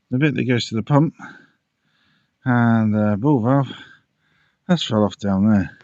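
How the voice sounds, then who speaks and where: Man, slow unhurried DIY vlogger, winded; dry, close sound. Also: on the low side, creaky, warm tone, dry recording, dull audio. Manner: muttering, self-talking while working. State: out of breath. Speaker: pond keeper vlogger. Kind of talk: casual DIY vlog commentary. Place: outdoors by a garden pond.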